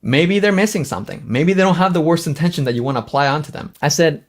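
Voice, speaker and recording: A man's voice: a little high, expressive, fast talker, few pauses. A man from Los Angeles hosting his own channel, animatedly reading comments aloud and answering them with sass. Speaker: channel host. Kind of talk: livestream commentary.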